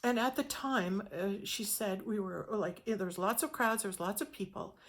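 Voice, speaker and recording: A middle-aged woman telling a personal spiritual story in an earnest, halting way, often repeating words as she goes. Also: mid-range voice, a bit bright. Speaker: spiritual teacher sharing a testimony.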